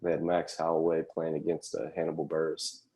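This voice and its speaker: A man's voice: extremely low pitch, completely flat delivery, a little fast, dark tone. A man co-hosting a podcast, trading crude jokes in casual chat. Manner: joking, crude banter. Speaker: podcast co-host.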